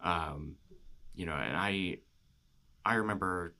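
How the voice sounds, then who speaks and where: Low, bright-voiced man chatting casually. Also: slow pace. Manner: rambling, many "you know" fillers, laughs often. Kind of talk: casual film chat.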